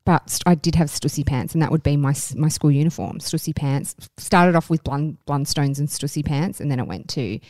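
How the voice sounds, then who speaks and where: A woman's voice: sits low, a little fast, hardly any pauses, a little mellow, no echo. Candid, swearing Australian woman co-host. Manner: candid, swears freely, self-mocking. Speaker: podcast co-host. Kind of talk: casual chat.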